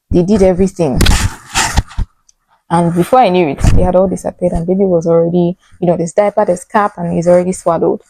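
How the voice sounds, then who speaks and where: A young woman with a Nigerian accent, chatting casually as she tells a vlog story with lively, animated asides. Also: fairly low pitch, gravelly, dry recording, rough recording. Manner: chatty, animated retelling with frequent fillers. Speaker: vlogger telling her birth story.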